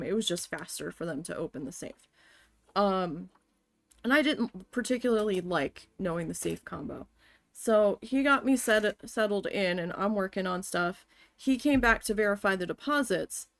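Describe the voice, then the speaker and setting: A woman streamer telling a personal work story casually, swearing freely and getting animated as she talks. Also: mid-range voice, dry recording. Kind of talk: casual storytelling while gaming.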